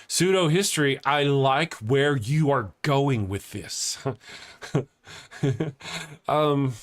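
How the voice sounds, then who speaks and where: A man's voice: mid-range voice, extremely slow. A man hosting a live morning show, chatting casually and reading out viewer comments in a rambling, jokey way that often breaks into laughter.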